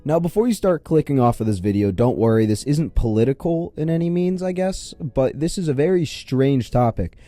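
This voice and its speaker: A man's voice: medium pitch, animated, moderate pace, few pauses, warm tone, dry recording, soft background music. A young man hosting a reaction commentary video, sarcastic, profane and incredulous.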